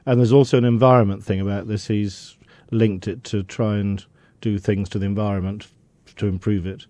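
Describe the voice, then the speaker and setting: Man with a low mellow voice, London tour guide, dry understated answers, studio-dry sound. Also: little pitch movement, moderate pace, no room sound. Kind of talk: radio interview. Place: radio studio.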